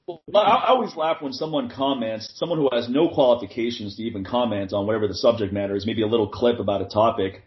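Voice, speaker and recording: A man's voice: medium pitch, fast, few pauses, muffled recording. A man hosting a podcast, giving blunt, disdainful opinions in casual chat. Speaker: podcast host.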